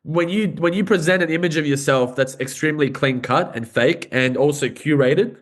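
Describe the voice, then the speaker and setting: A man's voice: fairly high pitch, normal speed. An Australian man hosting a podcast and playing in a band, musing earnestly in casual talk and drifting into tangents. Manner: earnest, rambling musings with swearing and fillers. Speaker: podcast host and band musician.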